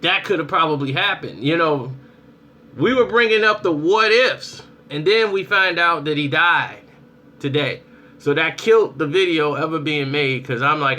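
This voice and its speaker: Brief: young adult male vlogger, casual commentary, animated delivery, bright and slightly high voice. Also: normal speed. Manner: animated storytelling, acts out reactions.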